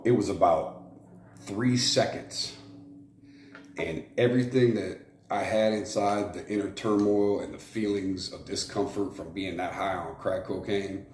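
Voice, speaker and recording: Speaking a little slowly, a low-voiced Arizona man with a darkish tone and fairly even intonation looks back frankly on his life as a former prison shot caller. The interview rambles through fillers and restarts, recorded in an echoey room with faint noise.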